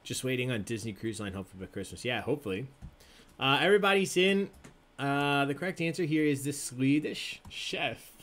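Here the trivia host speaks fairly quickly in a mid-range, expressive, slightly bright voice. He keeps the live game playful and casual, often laughing as he reads questions and answers.

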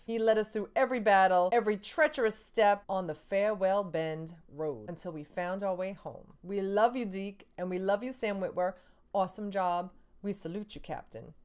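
A woman's voice: mid-range voice, normal speed, a little mellow. Gushing, theatrical woman gamer. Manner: gushing and theatrical, with swearing and shrieks. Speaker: gaming YouTuber. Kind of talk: casual game awards commentary.

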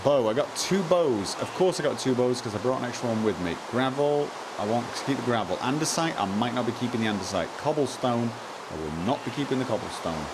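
A man streaming live gameplay, muttering to himself, repeating lines and breaking into excited outbursts. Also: medium pitch, fairly quick, noisy background.

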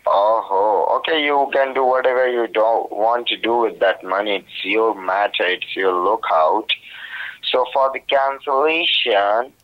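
A man's voice: medium pitch, measured pace, few pauses. A man working as a call agent on a phone line, brusque and cursing. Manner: rude, curses and shouts.

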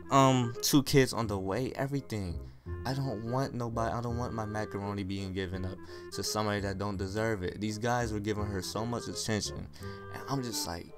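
A young man with a low-set voice rambles through a comic storytime in heavy slang, piling on exaggeration. Soft music plays under his talk. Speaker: gaming YouTuber. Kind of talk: casual storytime over gameplay.

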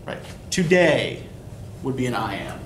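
This man's voice sits fairly high, with lively intonation and a normal speed. He's a college English instructor giving a poetry lecture, explaining patiently and often asking "right?" to keep students with him. The sound is distant and echoey, with a little faint noise from the classroom.

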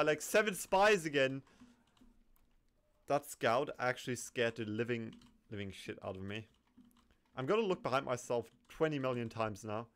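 A man narrating his match as he plays, chatty and jumpy, dropping to quiet mutters under his breath and then bursting out when danger appears. His pitch sits in an ordinary middle range, and faint keyboard clicks are heard behind him. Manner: excitable, swings from muttering to yelping and laughing. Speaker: gaming commentator. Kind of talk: live gameplay commentary.

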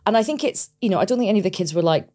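A woman in her forties with a Scottish accent, a podcast guest telling stories in a lively, chatty way with frequent laughs. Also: mid-range voice, rapid-fire. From Scotland. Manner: lively storyteller, laughs often, mimics her parents. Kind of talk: casual interview chat.

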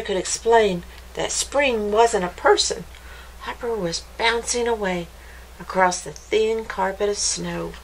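A woman librarian reading a children's picture book aloud, with gentle, expressive storytelling. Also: medium pitch, measured pace, slightly rough, poor audio.

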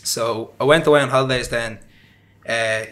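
A man's voice: mid-range voice, steady tone, moderate pace, a bit bright. A young man with an Irish accent, a guest in an interview, telling his story in a rambling, chatty way. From Ireland. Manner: rambling, chatty, with frequent fillers and self-deprecating laughs. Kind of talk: casual conversational storytelling.

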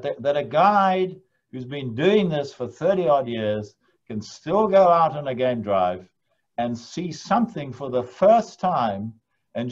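A man hosting an interview chat, speaking in a measured, appreciative way over a video call. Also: medium pitch, darkish tone, lo-fi sound. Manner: measured, appreciative, laughs along. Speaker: host, safari company founder.

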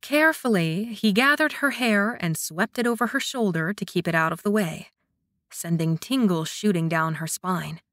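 A woman reads a fantasy romance audiobook in an even storytelling manner. Her voice is bright, and the sound is dry and close. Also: medium pitch, normal speed, dry recording. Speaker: audiobook narrator. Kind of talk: scripted narration.

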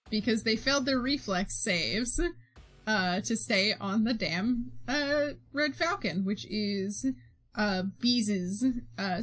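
Slow-talking young woman rambling on stream. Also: fairly high pitch, fairly bright tone. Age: young adult. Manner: rambling, filler-heavy recap with frequent laughs. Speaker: streamer and game master. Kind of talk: casual chat while drawing on stream.

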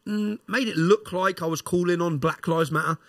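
A man's voice: high-pitched, normal speed, no room sound, clean studio sound. Middle aged guy on a podcast, chatty storytelling, keeps tossing in "yeah?", does the voices of people he's quoting. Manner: animated retelling, acts out quoted exchanges, tags lines with "yeah?". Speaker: podcast guest. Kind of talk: casual storytelling interview.

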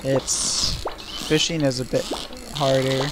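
In a very noisy home recording with clear game music, a young man talks slowly in a mid-range voice. He creates gameplay videos, and his casual let's-play commentary wanders easily and is thick with fillers.

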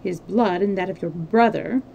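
A woman reading the lines of a sly, sarcastic French male agent in a smooth, mocking voice. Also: lowish voice, normal speed, lo-fi sound, a little hiss or hum. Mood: sardonic. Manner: smooth, mocking, quietly menacing.

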